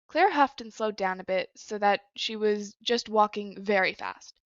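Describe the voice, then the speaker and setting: A woman reading a story aloud in a plain, even manner with small slips. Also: mid-range voice, unhurried, dry recording, muffled recording. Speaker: story reader. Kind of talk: reading fan fiction aloud.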